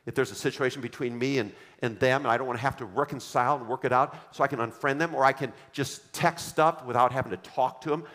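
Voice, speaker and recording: A male pastor preaches with an emphatic, repetitive cadence, calling his congregation to read along. His voice sits at an ordinary middle pitch, and it carries a long reverb from a church hall. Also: a bit bright. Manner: emphatic preaching with repeated refrains; leads the congregation in reading aloud. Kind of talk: sermon.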